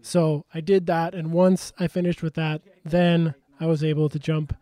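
A man's voice: on the high side, little pitch movement, moderate pace, mellow, dry recording. A man hosting a casual chat, rambling with lots of fillers and easy chuckles. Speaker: podcast host and game streamer.

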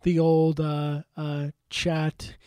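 A man's voice: fairly high pitch, completely flat delivery, extremely slow, dark tone, clean tone, no room sound, clean studio sound. A man hosting a casual chat, rambling with lots of fillers and easy chuckles. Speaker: podcast host and game streamer.

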